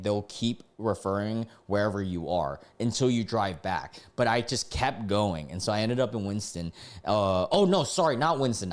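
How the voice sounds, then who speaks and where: A man streaming from home, telling a personal story in a casual, rambling way with many fillers and self-corrections. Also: lowish voice.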